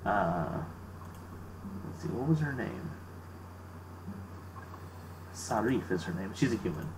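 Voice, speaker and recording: A man's voice: on the low side, lively intonation, slow, background noise. A man narrating as game master, casual and full of fillers, chatting between scenes. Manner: casual, filler-heavy, laughs easily.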